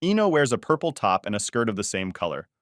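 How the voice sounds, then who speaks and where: A man reads a fan story aloud in a flat, even narration. His voice sits low and the sound is dry, with no room around it. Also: fast talker, no room sound.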